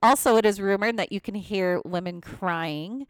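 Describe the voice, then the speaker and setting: A woman co-hosting a podcast, telling ghost stories in a casual, animated way and laughing often. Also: medium pitch, moderate pace, no echo. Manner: animated, laughs often, reads facts with asides. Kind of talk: casual storytelling chat.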